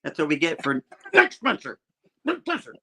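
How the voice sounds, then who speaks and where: Gravelly man chiming in low-key. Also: huge pitch swings, normal speed, sharp tone. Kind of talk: casual comic review chat.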